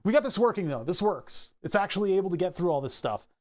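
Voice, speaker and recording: A man's voice: high voice, expressive, quick pace, darkish tone. A man casually walking through his microcontroller code, rambling and self-correcting, laughing at himself now and then. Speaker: hobbyist electronics maker.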